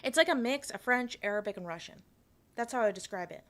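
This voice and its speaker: A young woman from Canada with a fairly high voice, chatting casually on a stream. She rambles, laughs often, restarts her sentences and talks straight to her chat. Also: lively intonation, fast talker, fairly bright tone.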